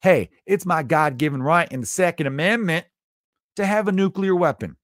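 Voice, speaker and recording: A man doing a loud, boastful Southern gun-rights guy with a drawl, pitched up high and pushing hard. The voice is a mocking caricature, indignant and full of bluster. It is recorded dry and close. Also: normal speed, no echo, natural voice. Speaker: comedian.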